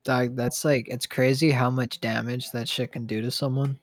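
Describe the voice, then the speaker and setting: A man's voice: medium pitch, level tone, moderate pace, no room sound, clean studio sound. A young man co-hosting a podcast, rambling in a slangy way full of fillers. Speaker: podcast co-host. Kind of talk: casual chat.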